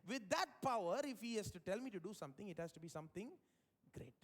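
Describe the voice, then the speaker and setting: Male pastor, high tenor, animated live sermon, big pitch swings. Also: quick pace. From India. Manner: animated preaching, sweeping swings in pitch and loudness. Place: church service.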